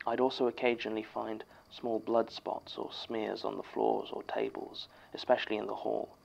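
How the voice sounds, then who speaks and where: A gravelly, low-voiced archivist reads a statement in a measured, somber way. The recording is dull and lo-fi, with a faint hiss underneath. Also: male voice, big pitch swings, darkish tone, exaggerated voice. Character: male archivist reading a written statement aloud. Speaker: narrator reading a statement. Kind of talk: scripted horror narration.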